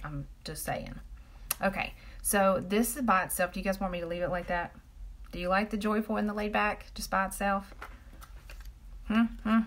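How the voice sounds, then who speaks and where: A woman's voice: medium pitch, fairly bright tone. A woman chatting casually with viewers on a live stream while she applies makeup and talks about the products. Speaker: makeup seller doing a live demo.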